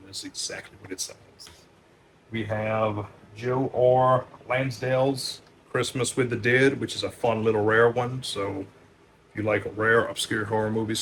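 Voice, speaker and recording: A man running casually through a stack of movies as a store owner, loose and profane, with many fillers and sudden louder bursts on each title. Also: on the low side, slight background noise.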